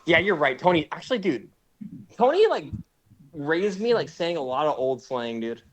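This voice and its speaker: A man's voice: on the high side, expressive, brisk. A young man chatting casually with friends on a stream, his speech packed with slang and filler. He hops from point to point, tossing "bro" and "dude" into nearly every sentence. His delivery is loose and conversational. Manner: slangy, says "bro" and "like" constantly. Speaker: streamer host. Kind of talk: casual chat.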